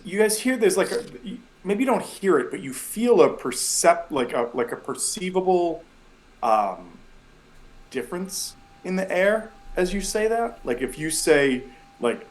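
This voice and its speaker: A man's voice: a little high, big pitch swings, measured pace, rough recording. A man narrating a tabletop game as game master, who describes scenes in rambling, filler-heavy speech.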